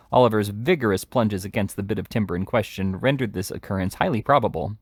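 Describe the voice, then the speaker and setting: A man reading a classic novel aloud in steady, measured narration. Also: lowish voice, dry recording, clean studio sound. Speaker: hobby reader.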